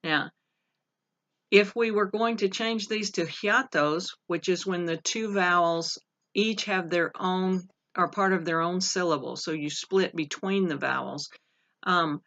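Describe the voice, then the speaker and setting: A woman teaching a recorded online pronunciation lesson, reading word lists slowly and carefully with pauses and fillers. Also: on the low side, fairly bright tone. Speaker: Spanish teacher. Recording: dull lo-fi recording.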